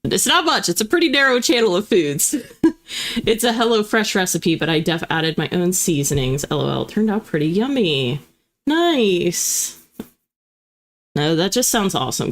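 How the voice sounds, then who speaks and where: Speaking on the low side, this young host with a faint Southern twang keeps her livestream casual and chatty. Quick spiels like an auctioneer's spill out between frequent laughs with her viewers.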